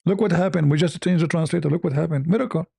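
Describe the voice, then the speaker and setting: A man's voice: fairly high pitch, fairly even intonation, quick pace, creaky, warm tone, husky, no room sound, clean studio sound. A man giving mocking, combative commentary as a debater. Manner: combative, sarcastic. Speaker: online debater.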